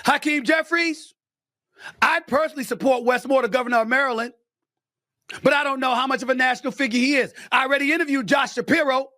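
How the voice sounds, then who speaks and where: High, bright, shouting male pundit. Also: steady tone, quick pace, no echo, studio quality. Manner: loud, emphatic, repetitive. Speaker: sports commentator and show host. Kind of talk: heated talk-show rant.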